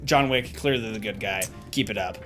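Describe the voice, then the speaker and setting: A man's voice: lowish voice, moderate pace, fairly bright tone, soft background music. A man hosting a podcast, chatting casually about movies in a rambling, joking way. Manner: rambling, playful, jumps in with jokes. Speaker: podcast host. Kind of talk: casual movie-review chat.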